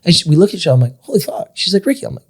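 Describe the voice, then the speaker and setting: Casting: young man, quick and animated storyteller, casual, swears freely. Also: a little high, slightly rough. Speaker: podcast guest. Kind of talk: casual chat.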